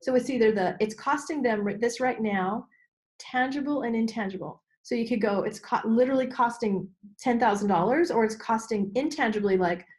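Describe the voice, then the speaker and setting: A middle-aged woman speaks as a guest coach in an interview, her voice sitting a bit high. She talks expressively and acts out her inner voices, sometimes jumping to sudden high exclamations. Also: a little fast, darkish tone. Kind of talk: animated interview talk.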